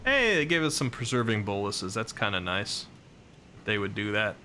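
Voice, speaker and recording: A man's voice: on the low side, very animated, moderate pace, sharp tone, slight background noise. A man streaming a game live, chatting casually, reacting aloud to what happens and answering his chat. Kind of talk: live gameplay commentary.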